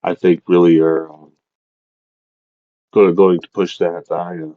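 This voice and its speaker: A man's voice: low voice, little pitch movement, dry recording, phone-quality sound. A man co-hosting a video game podcast, talking casually with many restarts and fillers. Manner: rambling, halting restarts. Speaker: podcast co-host. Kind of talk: casual chat.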